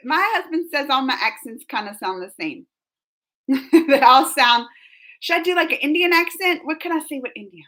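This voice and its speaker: Woman streamer, high voice, chatty host reading out chat comments with frequent laughs. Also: expressive, moderate pace, a bit bright. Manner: reads viewer comments aloud, chatty, laughs often. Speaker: reaction channel host. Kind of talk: casual live reaction chat.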